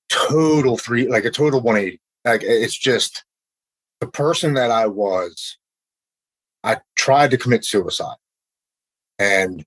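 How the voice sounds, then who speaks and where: A middle-aged American man, a podcast guest, telling his recovery story in an animated way and acting out the voices of the people he quotes. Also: on the low side, no echo, low-quality recording.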